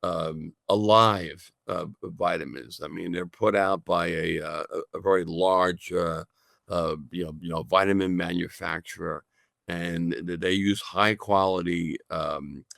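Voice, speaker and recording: A man talking as a guest in a casual radio interview, halting, with many fillers and restarts. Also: sits low, fairly even intonation, gravelly, a bit bright, no echo, studio quality. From United States. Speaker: guest, natural health college founder.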